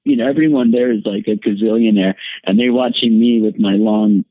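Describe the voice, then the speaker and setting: A man, a podcast guest, telling a candid personal story in a lively way, his voice leaping up whenever he quotes himself. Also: fairly quick, no room sound. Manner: animated storyteller, jumps high when quoting himself. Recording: dry, tinny phone-like line.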